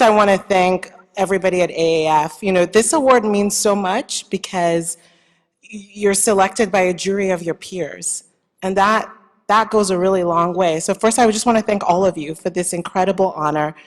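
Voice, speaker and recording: A woman's voice: medium pitch, moderate pace. A woman from Nigeria with a Nigerian accent, giving a heartfelt award acceptance speech with faith and self-deprecating humor. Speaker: award honoree. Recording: long hall reverb.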